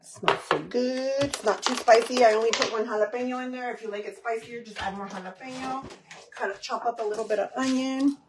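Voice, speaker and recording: In her home kitchen, a mother cooking for her vlog chats casually with viewers and her child. Her slightly high voice is fairly even and a little fast, with background kitchen noise.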